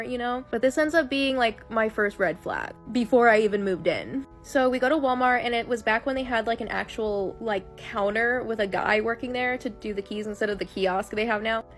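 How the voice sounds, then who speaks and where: A woman telling a personal story in a chatty, upbeat story-time style. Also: a little high.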